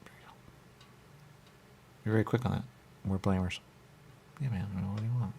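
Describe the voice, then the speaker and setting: A man's voice: sits low, steady tone, fairly quick, gravelly, dark tone, slight background noise. A man hosting a radio talk show, bantering in a rambling, playful way full of repeated wordplay. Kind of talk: loose comedic studio banter. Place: radio studio.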